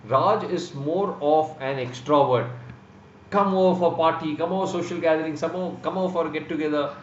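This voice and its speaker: Animated Indian English man, slightly high voice, teaching online from a roomy distant mic. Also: a little fast. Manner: animated, acts out voices loud and soft. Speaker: host and interview coach. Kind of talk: live online class, Hinglish teaching. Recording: roomy, distant, dull with faint hiss.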